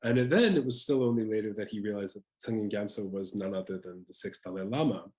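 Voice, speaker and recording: A man's voice: on the low side, fast talker, darkish tone, low-quality recording. A man giving an academic lecture, explaining patiently with small restarts and fillers.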